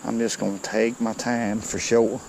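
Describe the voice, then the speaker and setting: A man, giving excited, folksy commentary to viewers while he fishes a creek outdoors. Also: on the low side, moderate pace, creaky, slight background noise, poor audio. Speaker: fishing vlogger.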